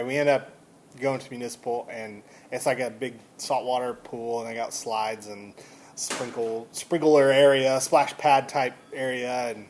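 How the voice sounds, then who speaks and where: A man with a Texan accent casually telling a story to camera, rambling and animated, with frequent restarts. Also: medium pitch, slight background noise. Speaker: vlogger.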